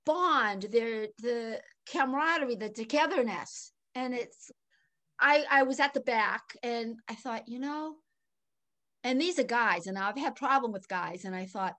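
An older woman telling a personal story in conversation, animated and laughing often, swinging between excited and hushed. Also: a little high, measured pace. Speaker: guest.

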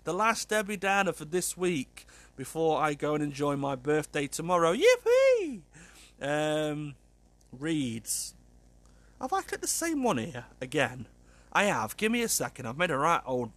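A man's voice: a little high, sing-song, normal speed, a bit bright. A man, hosting a podcast and giving blunt, chatty agony aunt advice, swearing freely. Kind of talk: casual chat.

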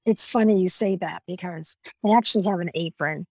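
A woman's voice: fairly low pitch, fairly quick, darkish tone, no room sound. A woman chatting on a podcast, speaking in an emphatic, storytelling way. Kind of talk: casual podcast conversation.

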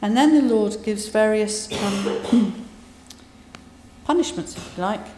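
A woman's voice: mid-range voice, animated, takes it slowly, noisy background. A woman giving a conversational sermon, retelling scripture with asides. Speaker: preacher. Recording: echoey hall, voice from a distance.

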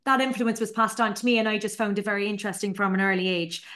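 A woman talks through her memories in a relaxed, chatty way, full of colloquial asides. Her voice sits in the middle of the range for a woman, neither high nor low. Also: fast talker. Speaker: podcast host, chef and business owner. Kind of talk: casual storytelling.

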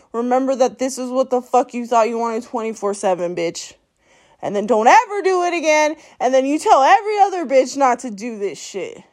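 A woman's voice: high-pitched, darkish tone. Blunt, profane woman ranting solo. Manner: blunt, profane, scolding, laughs between lines. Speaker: podcast host. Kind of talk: solo podcast rant.

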